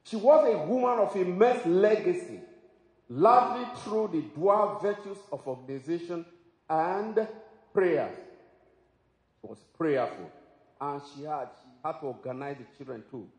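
A man's voice: a little high, a little slow, a little mellow. Man preaching in an echoey hall. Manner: emphatic preaching with exclamations and laughs. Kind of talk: sermon. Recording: echoey hall with long reverb.

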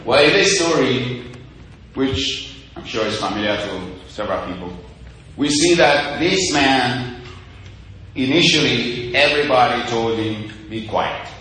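Male preacher, sermon delivery, lilting scripture readings, loud praise calls, very reverberant room. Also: medium pitch, expressive, unhurried, a little hiss or hum. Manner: rising to loud exclaims of praise, scripture quoted in a singing lilt. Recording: very echoey room, faint ambience.

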